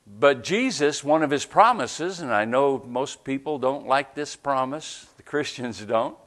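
A man's voice: medium pitch, animated, unhurried, a bit bright. A man preaching a sermon at a church service, talking in a conversational way and often checking in with the congregation. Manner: conversational preaching with frequent "right?" asides. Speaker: pastor.

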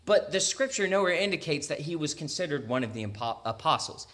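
A young man with an American accent giving a conversational sermon, laughing often and making quick asides. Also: fairly high pitch, lively intonation, fairly bright tone. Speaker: preacher.

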